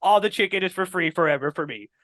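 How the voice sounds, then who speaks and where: A man co-hosting a podcast, reacting in casual, profane chat with loud exclamations. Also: high voice, expressive, quick pace, dry recording. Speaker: podcast co-host.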